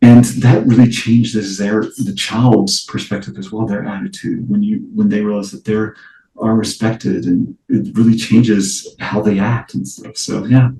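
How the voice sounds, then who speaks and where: A man's voice: on the low side, fairly even intonation, unhurried, vocal fry, dark tone, echoey room, distant mic, soft background music, poor audio. A man who works as an early childhood educator, talking earnestly in a casual interview with many fillers and restarts.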